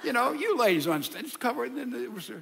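Folksy preacher, high voice. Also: male voice, very animated, quick pace, gravelly, a bit bright, slight background noise. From American South. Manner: folksy, chuckling storyteller turning to fervent exhortation. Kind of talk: sermon with humorous storytelling.

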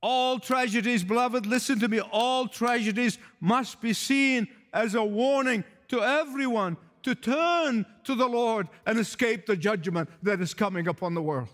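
A man's voice: very high voice, animated, unhurried, a bit bright, long reverb tail. A man preaching a sermon in an emphatic, pleading way, repeating key phrases for weight. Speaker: pastor.

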